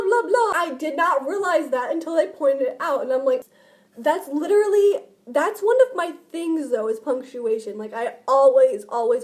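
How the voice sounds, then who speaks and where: A woman with a high, bright-pitched voice talks casually to her camera in a home vlog. She rambles from thought to thought and sprinkles "like" through nearly every sentence. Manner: rambling, chatty, many filler "like"s. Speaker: vlogger. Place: indoors at home, by a window.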